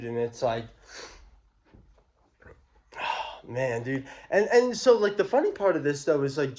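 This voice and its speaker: This vlogger is a young man with a medium-pitched voice, recorded with lo-fi sound. He tells a story from his own life in a lively, slang-heavy, profane manner.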